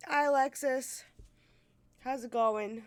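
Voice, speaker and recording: A woman's voice: sits high, slow pace, dry recording. A woman game streamer with a stuffy, congested nose from a sinus infection, chatting casually and profanely with her viewers on a desk mic at home.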